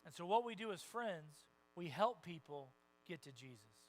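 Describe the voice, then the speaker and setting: Heard on a rough recording, this high-pitched man preaches at normal speed in a church sanctuary. As a pastor he stays conversational and animated, voicing the people he quotes and shifting between quiet asides and loud outbursts.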